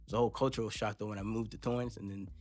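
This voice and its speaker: A man's voice: fairly low pitch, flat delivery, racing, darkish tone, soft background music. A young man from Los Angeles with a laid-back West Coast accent, talking casually in a studio interview and rambling with lots of fillers. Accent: West Coast American. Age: young adult. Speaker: rapper guest. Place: recording studio.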